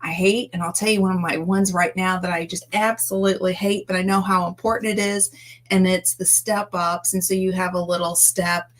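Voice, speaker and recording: A woman hosting a casual livestream chat, greeting viewers warmly with lots of fillers. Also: on the low side, level tone, fairly quick. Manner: bubbly, effusive greetings, many fillers. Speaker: livestream host. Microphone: streaming mic.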